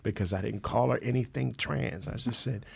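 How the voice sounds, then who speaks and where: A man's voice: moderate pace, creaky, husky. A man co-hosting a podcast, telling a comedic story and acting out both sides of the argument. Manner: animated, acts out both sides of a story with loud high bursts. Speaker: podcast co-host.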